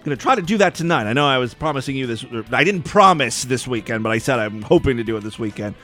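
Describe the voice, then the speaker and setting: A man's voice: medium pitch, lively intonation, quick pace, a bit bright, soft background music. A man hosting a crude comedy podcast, talking in an irreverent, rambling, sarcastic way. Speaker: podcast host. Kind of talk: crude comedic news and voicemail show.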